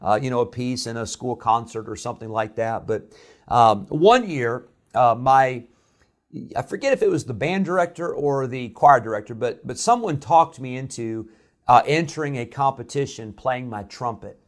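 Here a man from Illinois, serving as pastor, shares a personal anecdote during his sermon. His medium-pitched voice is animated and moves at a moderate pace, casual in tone, full of "uh" fillers and false starts.

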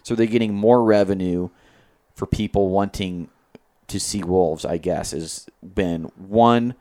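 A man in casual conversation who speaks in a measured, hesitant way and often restarts his sentences. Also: low voice, dark tone. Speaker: podcast co-host. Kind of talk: casual chat.

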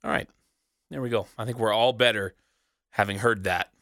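A man's voice: lowish voice, fairly even intonation, normal speed, sharp tone, no echo, clean studio sound, faint music behind. A man hosting a solo wrestling recap show, rambling and sarcastic, swearing casually as he talks alone in a small booth. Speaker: wrestling podcast host.

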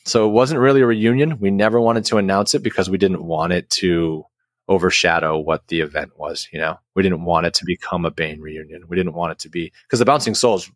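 Deep-voiced man telling a story. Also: fairly quick, no echo, studio quality. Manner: rambling, frequent restarts and fillers. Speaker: guest musician. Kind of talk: casual storytelling interview.

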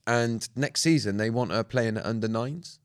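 A man's voice: medium pitch, moderate pace. A man with a British accent co-hosting a podcast in casual chat, telling stories animatedly and mimicking others. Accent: British English. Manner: animated storyteller, slips into others' voices when retelling. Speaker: podcast co-host.

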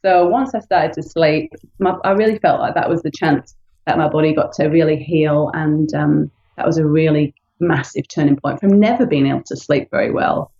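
A British woman in her late thirties appears as an interview guest in a casual chat, candidly sharing her own story. Her voice is low and dark-toned at a moderate pace, in an echoey, dull lo-fi recording.

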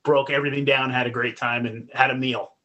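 A man, a podcast guest, telling stories in casual chat, profane and animated. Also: medium pitch, brisk, muffled recording.

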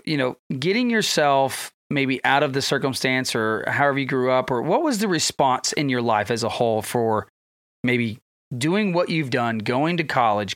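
A man's voice: mid-range voice, fairly bright tone, no room sound. A man with a mid-range voice hosts a podcast and asks friendly, winding questions padded with fillers. He is recorded up close in a dry room. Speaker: podcast host. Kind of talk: casual podcast interview. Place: podcast studio.

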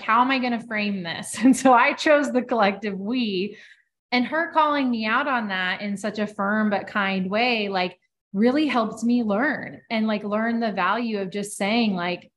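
A woman co-hosting a podcast, telling a personal work story in a casual, lively way with many filler words. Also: mid-range voice, a little hiss or hum. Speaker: podcast co-host.

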